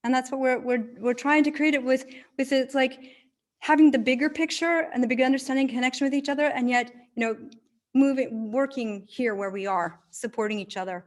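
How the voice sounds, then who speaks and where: A woman's voice: sits high, a little fast. A woman hosting an online event on a video call, affirming speakers with short praise words. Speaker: event host.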